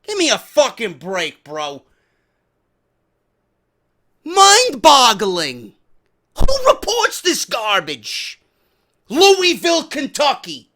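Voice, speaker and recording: High-voiced man ranting profanely. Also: huge pitch swings, very slow, long pauses, sharp tone. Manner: profane, sarcastic, heated ranting. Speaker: wrestling news commentator. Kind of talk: ranting news commentary.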